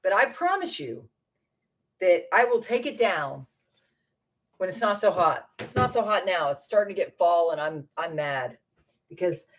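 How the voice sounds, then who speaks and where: Speaking in a lowish, expressive, unhurried voice, this livestream host chats with viewers from her Maine home. She's a middle-aged woman who addresses chat directly and curses openly when things frustrate her.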